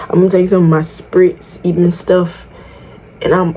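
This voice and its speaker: Chatty woman vlogger with a mellow voice. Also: lowish voice, level tone, normal speed, a little hiss or hum. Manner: chatty, talks straight to viewers; frank and exasperated, swears freely. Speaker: beauty vlogger. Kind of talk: casual tutorial vlog chat.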